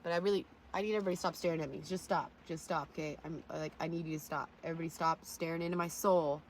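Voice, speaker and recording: A woman's voice: low-pitched, steady tone, very fast, a little hiss or hum. A woman livestreaming from her phone, rambling and swearing to her chat with frequent laughter. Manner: rambling, profane, laughs often.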